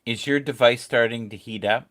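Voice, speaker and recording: A man hosting a casual chat, prompting his guest briskly. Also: mid-range voice, a bit bright. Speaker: host.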